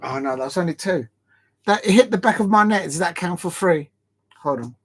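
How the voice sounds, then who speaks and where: A man hosts a late-night football stream from home. His voice sits a bit high. He rambles and laughs, sounding out of breath. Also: expressive, normal speed, husky. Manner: chatty and rambling, laughing between tries at headers. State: tired and short of breath. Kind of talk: live watch-along stream chat.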